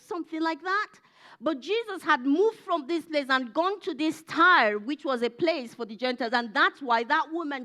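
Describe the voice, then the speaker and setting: Female preacher, high and animated, emphatic and repetitive sermon delivery. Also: moderate pace. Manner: emphatic, repetitive, rising to fervent peaks. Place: church.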